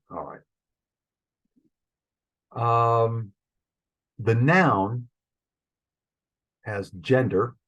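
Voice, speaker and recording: A man with a fairly low, husky voice teaches a beginners' class. He explains step by step in a patient, unhurried way, pausing on fillers as he works through his shared screen. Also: low-quality recording. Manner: patient, explanatory, thinks aloud with frequent fillers. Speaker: church Greek teacher. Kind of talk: recorded online lesson with screen sharing.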